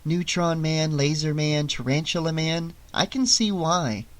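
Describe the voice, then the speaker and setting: A reader voicing a shy, sensible teenage girl babysitting, speaking softly and gently. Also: mid-range voice, unhurried, close to an everyday voice. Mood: gentle. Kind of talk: audiobook character voice.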